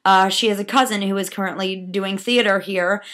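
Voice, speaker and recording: A woman's voice: medium pitch, fairly even intonation, normal speed, a bit bright. A young American woman, a student, chatting in a giggly, rambling way with lots of "like" and "um". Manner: giggly, rambling, filler-heavy. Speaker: student vlogger. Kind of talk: casual chat.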